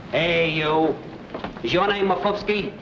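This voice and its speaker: A blunt gangster asking around with quiet menace. His voice sits mid-range. Steady hiss runs under a dull 1940s soundtrack. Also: fairly high pitch, unhurried. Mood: menacing. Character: blunt gangster hunting a man.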